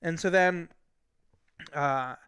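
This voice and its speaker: Male host, high and bright, clean headset sound, deadpan. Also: very slow, smooth, dry recording. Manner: deadpan, mock-serious. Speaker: talk show host. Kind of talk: casual chat in a virtual reality talk show. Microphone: VR headset mic.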